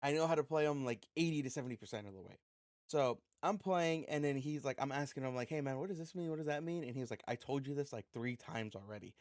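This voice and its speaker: A man's voice: medium pitch, quick pace, no room sound. Young guy on a podcast, swears a lot, gets worked up telling stories, dry sound. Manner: animated storytelling with frequent profanity. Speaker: podcast co-host. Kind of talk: casual chat.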